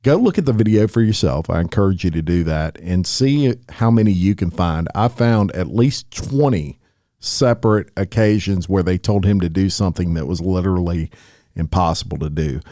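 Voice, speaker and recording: A man co-hosting a podcast, giving earnest, measured commentary on a video. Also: sits low, warm tone, dry recording, studio quality. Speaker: podcast co-host.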